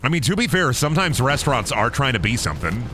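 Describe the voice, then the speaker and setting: A man's voice: mid-range voice, sing-song, fast, noisy background. A man giving casual, joking, profane commentary to himself while streaming a game.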